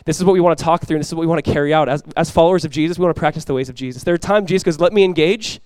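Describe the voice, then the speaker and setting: A young adult man preaching a sermon as pastor, energetic and conversational, often restarting his phrases. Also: fairly high pitch, rapid-fire, smooth, dry recording.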